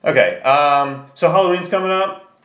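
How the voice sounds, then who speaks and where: A man's voice: a little high, moderate pace, a bit bright, faint music behind. A man hosting a casual chat, joking and asking questions with fillers. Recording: roomy echo.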